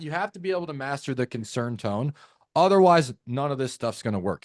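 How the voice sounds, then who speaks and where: A man's voice: medium pitch, no echo. Guy coaching sales calls, lots of energy, acts out the calls, close dry mic. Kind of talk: coaching talk to a live audience.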